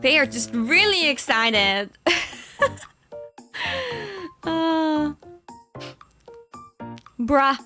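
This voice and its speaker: Young female streamer, higher voice, giggly casual rambling, faint background music. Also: lively intonation, extremely slow, long pauses, pushed and bright. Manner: chatty, giggly, rambling with fillers. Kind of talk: casual chat.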